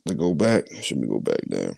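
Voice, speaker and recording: A man hosting a podcast, reading out his mock draft picks in a casual, halting way with many fillers. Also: rumbling low, huge pitch swings, vocal fry, dark tone, husky, no echo. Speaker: podcast host.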